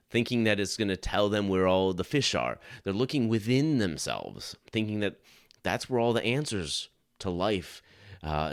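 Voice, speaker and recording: A man's voice: lowish voice, smooth, no room sound, clean studio sound. A middle-aged man hosting a Christian podcast, talking in an earnest, conversational way with frequent restarts. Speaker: podcast host. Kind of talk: Christian apologetics podcast talk.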